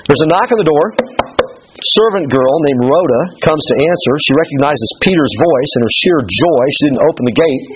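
A man's voice: on the high side, expressive, brisk, muffled recording, background noise. A man preaching a sermon as pastor, telling a scripture story with humor and acting out the people in it.

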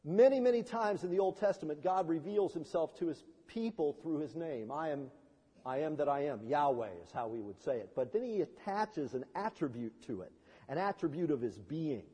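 A man preaching a sermon in a church, his voice pitched high with a husky edge. He swings between hushed and loud passages and acts out the voices of people he quotes. The sound carries a long reverb from the hall. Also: sing-song, moderate pace. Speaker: pastor.

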